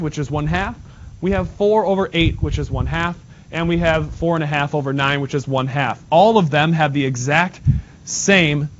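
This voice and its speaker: A man teaches a math class with a brisk manner, often stopping to quiz his students and repeating the key points. His voice sits a little high. The classroom recording sounds dull and lo-fi, with a faint hiss underneath.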